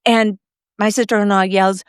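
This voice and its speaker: Smooth-voiced middle-aged woman telling her story. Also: medium pitch, moderate pace, no room sound, studio quality. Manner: lively, acts out other people's lines, laughs often. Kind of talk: personal storytelling in conversation.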